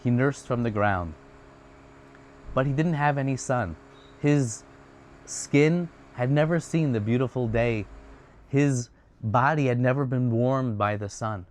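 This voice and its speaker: A man retelling a religious story in a casual, chatty way, swinging between excited and hushed. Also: mid-range voice, a little hiss or hum. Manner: animated, swings from loud excited to hushed soft; chatty asides.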